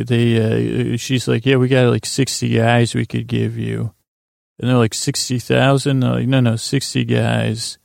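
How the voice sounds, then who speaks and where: A man's voice: mid-range voice, creaky, a little mellow, no echo, clean studio sound. A man casually recapping a TV episode in a meandering way, full of fillers and restarts. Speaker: podcast host recapping a TV episode.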